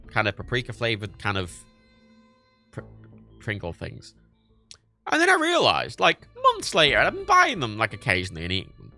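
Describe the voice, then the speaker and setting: Male game streamer, bright voice, lively swooping pitch, faint music behind. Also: moderate pace, pauses often. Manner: animated, swings high when indignant, swears freely. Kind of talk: casual gaming stream chat.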